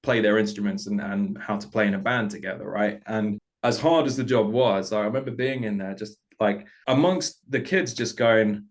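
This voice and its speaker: A man's voice: fairly low pitch, normal speed, hardly any pauses. A man who plays in a metal band, chatting as an interview guest in a laid-back, storytelling way and chuckling often. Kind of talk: casual interview chat.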